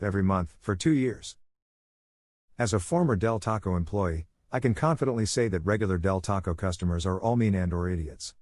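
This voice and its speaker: Low-voiced man reading stories aloud. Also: a little mellow, no room sound, clean studio sound. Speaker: narrator reading online posts. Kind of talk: scripted narration of reader stories.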